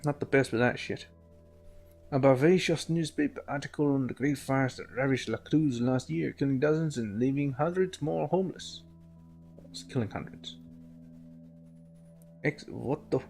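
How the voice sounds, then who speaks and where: A man's voice: medium pitch, normal speed, gravelly, pauses often, a little mellow, faint music behind. A man hosting a game let's play, joking and laughing as he reads in-game documents aloud. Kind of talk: casual gameplay commentary, reading in-game documents.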